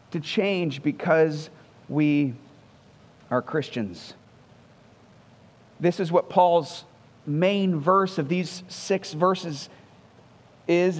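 A man's voice: high voice, big-room sound. A man preaching a sermon as a pastor, talking in a conversational, earnest way and repeating phrases for emphasis.

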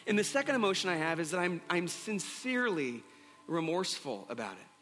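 A male pastor gives an earnest, very animated sermon at a brisk pace in a high, bright voice, repeating key phrases for emphasis. A long hall reverb colors the sound, and faint music plays beneath.

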